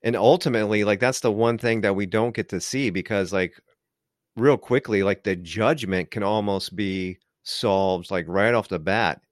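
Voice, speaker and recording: A man with a fairly low voice talks things through in a loose, rambling way, leaning on filler words. The sound is dry and close, with no room around it. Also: normal speed, no room sound. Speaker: podcast co-host. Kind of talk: casual discussion.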